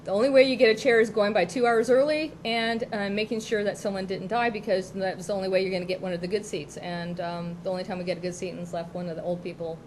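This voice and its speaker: A woman's voice: medium pitch, steady tone, quick pace, few pauses, slight background noise, poor audio. Chatty middle-aged woman telling stories. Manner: rambling, chatty, laughs often while telling stories. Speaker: co-host. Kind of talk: casual chat, personal storytelling. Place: local TV studio.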